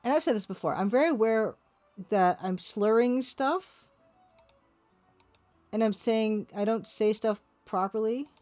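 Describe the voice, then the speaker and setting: A woman's voice: on the high side, unhurried, pauses often, a little mellow, soft background music. Rambling Canadian woman streaming. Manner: rambling, self-deprecating, talks to her chat. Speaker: artist streaming her work. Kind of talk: casual livestream chat while drawing.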